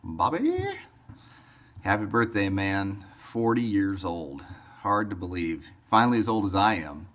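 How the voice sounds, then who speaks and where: A man's voice: fairly low pitch, animated, a little slow, fairly bright tone. A man in his forties giving an earnest, encouraging birthday message.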